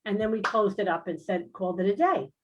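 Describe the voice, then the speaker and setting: A woman, a guest and animal rescuer, telling a comic story on a video call in an animated, lively way, with big jumps in pitch. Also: a little fast, lo-fi sound. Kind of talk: casual storytelling on a talk show.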